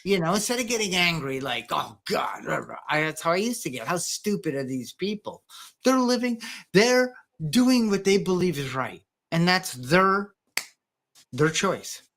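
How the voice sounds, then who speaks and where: A woman with a lowish voice chats on a podcast, wandering from thought to thought. She restarts her sentences and fills the gaps with "uh" and "you know". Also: big pitch swings, moderate pace, a bit bright. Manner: rambling, many restarts and fillers, acts out quoted dialogue. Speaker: podcast host. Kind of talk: casual podcast conversation. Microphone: podcast microphone.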